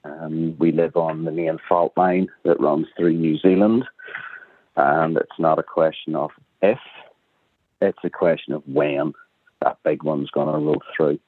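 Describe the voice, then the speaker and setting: Belfast man, low voice, phoned-in radio guest, tinny line, matter-of-fact delivery. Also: little pitch movement, measured pace, no echo. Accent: Northern Irish, Belfast. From Northern Ireland. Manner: plainspoken, matter-of-fact explaining. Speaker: interview guest. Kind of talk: talk radio interview by phone. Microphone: telephone.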